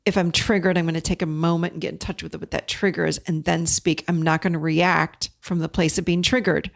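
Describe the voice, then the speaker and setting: A woman's voice: fairly low pitch, little pitch movement, fairly quick, creaky. A middle-aged woman hosting a solo podcast, talking earnestly and directly to her listeners as she coaches them. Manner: earnest and direct, addresses listeners as "you guys". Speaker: podcast host.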